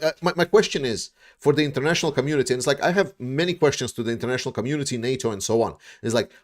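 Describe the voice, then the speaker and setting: A man's voice: mid-range voice, darkish tone. Blunt, rambling male commentator. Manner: rambling, many restarts and fillers, blunt and swearing. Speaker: YouTube war commentator. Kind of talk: casual commentary, answering viewer questions.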